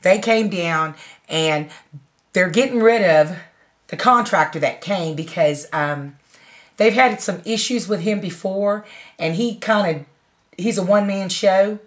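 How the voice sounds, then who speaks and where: A woman's voice: mid-range voice, a little slow. A woman in her forties telling a story in a casual, blunt way, swearing freely and laughing along. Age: 40s. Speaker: vlogger.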